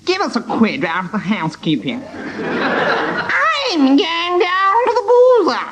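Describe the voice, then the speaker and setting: A shrill, shouting old cockney husband, squabbling at a slow pace on a hissy 1970s radio comedy recording. The voice leaps about wildly in pitch. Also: male voice, wildly swooping pitch, exaggerated voice. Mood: bickering.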